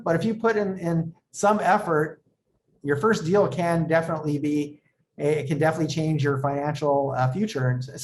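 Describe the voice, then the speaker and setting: A man's voice: on the high side, slight background noise. A man who coaches real estate investors, explaining as an interview guest and telling stories with quoted dialogue. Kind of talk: conversational explaining with anecdotes.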